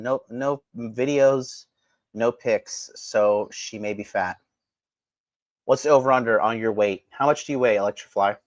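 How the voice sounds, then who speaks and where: A man's voice: on the low side, no room sound. Profane ranting man, dry close sound. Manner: profane, combative, addresses chat directly. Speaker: livestream host. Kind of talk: ranting livestream commentary.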